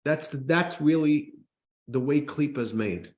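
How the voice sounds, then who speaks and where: A man, a rabbi, teaching a class, reading a text aloud and explaining it in an animated way to listeners. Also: a little high, unhurried. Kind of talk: Torah class lecture. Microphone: microphone in front of him.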